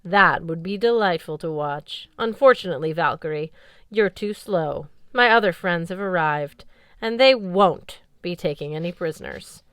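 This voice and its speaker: A woman voicing an ancient male wolf, sly and menacing, drawing out his words slowly. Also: on the low side, animated, a bit bright, smooth, no room sound. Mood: taunting. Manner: slow, relishing drawl.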